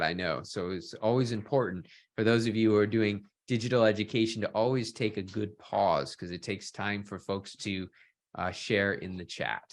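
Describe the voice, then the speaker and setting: A man teaching an online workshop, asking questions of his audience and often tagging sentences with "right?". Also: fairly low pitch. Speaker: workshop instructor.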